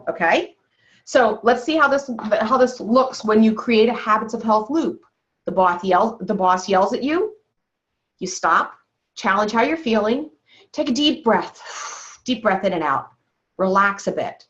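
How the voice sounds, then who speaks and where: Woman health coach, lo-fi call audio. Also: medium pitch. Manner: frequently checks in with "okay?"; encouraging, walks listeners through breathing exercises. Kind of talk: coaching talk on a group call. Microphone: call-in phone or computer mic. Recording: slightly dull, lo-fi call audio.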